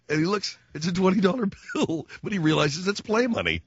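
Wisecracking radio host, lively voice. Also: male voice, a little high, quick pace, few pauses, no room sound. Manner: rambling, wisecracking, acts out little scenes. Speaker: radio talk show host. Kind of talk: comic radio monologue. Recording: dull, dry studio radio sound.

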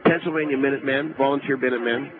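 A man's voice: medium pitch, fairly even intonation, racing, phone-quality sound, a crowd in the background, close to an everyday voice. A man voicing a pompous self-appointed militia general who blusters, dodges questions and leers. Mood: blustering. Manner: blustering, evasive, leering.

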